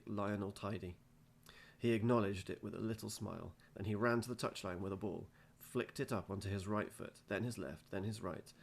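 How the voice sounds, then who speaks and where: Gravelly man reading a storybook. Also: fairly low pitch. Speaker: teacher reading aloud. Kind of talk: storybook read-aloud.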